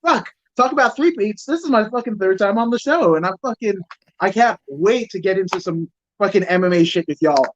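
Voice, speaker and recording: A man's voice: sits high, animated, no echo. Rambling, foul-mouthed man on a dull stream. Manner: rambling, swears constantly, halting restarts. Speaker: guest. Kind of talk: casual profane podcast chat. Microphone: home mic over streaming software.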